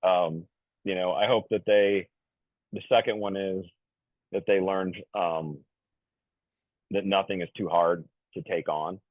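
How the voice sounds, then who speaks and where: A man's voice: deep voice, steady tone, measured pace, pauses often, no echo. A man in his fifties, a podcast guest, telling family stories in a rambling, jokey way, full of fillers and restarts. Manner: jokey, self-described goofy. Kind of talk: casual conversational storytelling. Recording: tinny phone-like dry sound.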